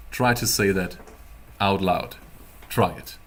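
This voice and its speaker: A man teaching a beginner language class, explaining pronunciation slowly in a playful, teasing way. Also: sits low, a bit bright. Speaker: German teacher.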